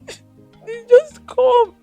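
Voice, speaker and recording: A woman's voice: sits high, normal speed, darkish tone, soft background music. A woman with a Nigerian accent playing a mistreated young woman, pleading and tearful. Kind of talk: Nollywood film acting.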